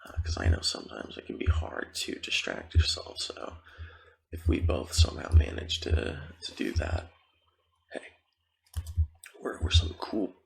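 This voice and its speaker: A man's voice: rumbling low, lively intonation, normal speed, creaky. A man whispering ASMR gaming commentary and rambling playfully with goofy asides. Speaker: ASMR gaming channel host.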